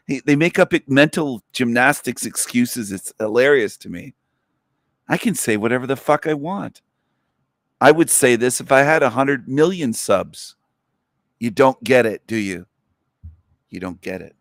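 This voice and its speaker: A man's voice: mid-range voice, expressive, moderate pace, no room sound, clean studio sound. A man hosting a livestream, delivering a contemptuous, mocking rant to his viewers. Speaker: livestream host. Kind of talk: ranting livestream monologue.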